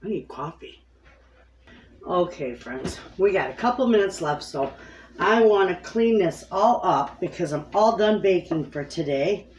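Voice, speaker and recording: A woman's voice: lowish voice, lively intonation, a little slow, darkish tone, roomy sound, a little hiss or hum. A woman hosting a homestead baking vlog, chatting casually and talking straight to her viewers from her kitchen. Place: home kitchen.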